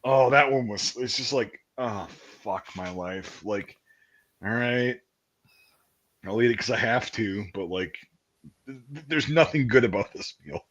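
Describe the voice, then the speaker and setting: A man in his thirties hosts a loose, profane chat and tells stories from basic training, laughing often and barking out quoted lines. His voice sits at a middle pitch, and the audio is somewhat dull and lo-fi. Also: measured pace, fairly bright tone. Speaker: podcast host. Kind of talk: casual chat, storytelling.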